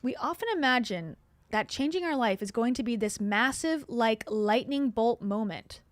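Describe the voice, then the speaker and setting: A woman's voice: on the high side, expressive, moderate pace, no echo. Sarcastic woman streamer, dry close mic. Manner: sarcastic, exasperated asides; chuckles often. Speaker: streamer reacting to a podcast. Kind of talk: casual livestream reaction commentary.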